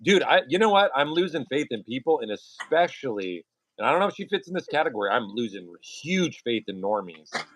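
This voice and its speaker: A man's voice: mid-range voice, brisk. A man hosting his own livestream, telling stories in casual, profane chat and acting out the people he quotes. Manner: profane, animated storytelling with acted-out quotes.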